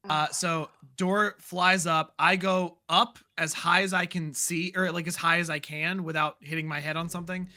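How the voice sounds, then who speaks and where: A man playing in a tabletop game, energetically rattling off quick plans. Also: a little high, level tone, pushed and bright. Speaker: player. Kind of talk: casual tabletop play.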